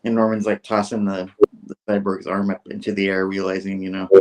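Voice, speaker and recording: A man's voice: low voice, little pitch movement, a little fast. A man co-hosting a podcast who recaps a comic book casually and in a rambling way, leaning on "he's like" and "you know". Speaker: podcast co-host.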